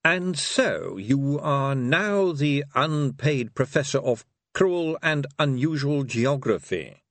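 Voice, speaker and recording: A man voicing a cool, calculating male city ruler who speaks slowly, with dry precision. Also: medium pitch, sing-song, no room sound, voice pushed up. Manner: slow, measured and dry.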